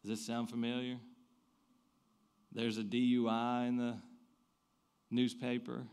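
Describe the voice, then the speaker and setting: Man, 30s, pastor preaching, mid-pitched voice, swings from loud bursts to quiet asides. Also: monotone, a little slow, clean tone. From American South. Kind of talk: sermon.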